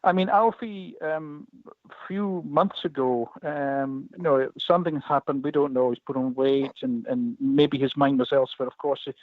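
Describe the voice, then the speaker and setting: A man with a Scottish Highland accent calling in to a radio show, talking hesitantly with many fillers and restarts. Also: fairly even intonation, normal speed, no room sound. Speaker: caller. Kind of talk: casual phone-in chat. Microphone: phone line. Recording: tinny dry phone line.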